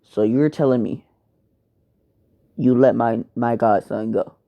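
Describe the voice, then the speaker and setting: A man's voice: mid-range voice, takes it slowly, muffled recording. A man voicing a hot-tempered older male ninja in a fan story, crude and cursing. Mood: angry.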